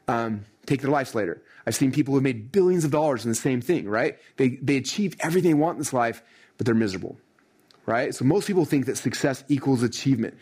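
Fast-talking husky male success coach. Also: mid-range voice. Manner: energetic, leans on "right?" and "like". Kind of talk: motivational training talk. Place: room with a live audience.

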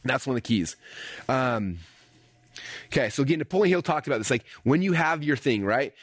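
A man teaches a live group in a rapid, energetic motivational style. He often acts out inner voices with sharp jumps up in pitch. The sound is close and dry, with no room echo. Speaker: speaker teaching a paid VIP group.

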